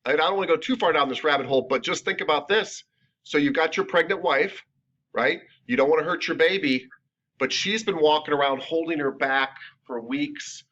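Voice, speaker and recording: A man teaching a massage therapy class in a chatty, animated, jokey way. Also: on the high side, a little fast. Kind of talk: classroom lecture. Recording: lo-fi recorded lecture.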